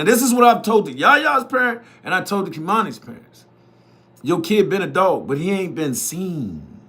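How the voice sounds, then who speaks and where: A man's voice: on the high side, a bit bright, breathy edge. A man who hosts youth football media, giving a blunt, profane, repetitive opinion monologue straight to his viewers.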